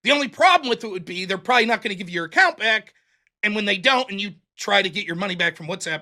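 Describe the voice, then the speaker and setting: A man's voice: high-pitched, expressive, fast, sharp tone. A man hosting a livestream show, telling a story casually, acting out both sides of the dialogue in a profane, self-mocking way.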